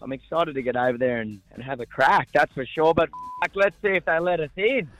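A man on a phone call, talking slowly, laughing and slurring his words. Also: on the high side, fairly bright tone, soft background music. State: intoxicated. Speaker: phone guest. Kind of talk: casual phone chat.

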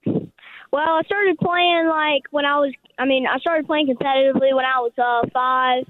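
Nine year old southern boy on a phone line, high flat voice, polite, lots of ums. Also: normal speed, dry recording. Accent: South Carolina. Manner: polite, hesitant, many fillers. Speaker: guest golfer. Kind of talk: phone-in radio interview. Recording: tinny dry phone line.

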